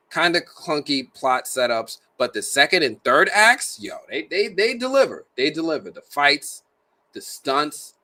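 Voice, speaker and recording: A man reviewing a movie in a casual, jokey, slang-filled way. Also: medium pitch. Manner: animated, slangy, jokey delivery.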